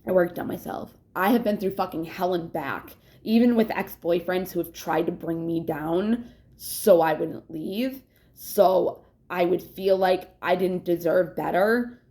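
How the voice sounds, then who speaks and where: Her voice is fairly low, mellow, and unhurried. The young adult vlogger speaks candidly in a casual personal video, rambling, swearing a lot, laughing between thoughts, and yawning to get her breath back.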